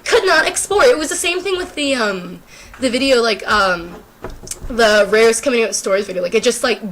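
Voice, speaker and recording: A woman's voice: a little high, expressive, normal speed, fairly bright tone, slight background noise. A teenage girl with a sore throat, chatting casually and rambling to the camera, self-deprecating and full of fillers. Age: teens. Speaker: YouTuber. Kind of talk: casual unscripted chat to camera.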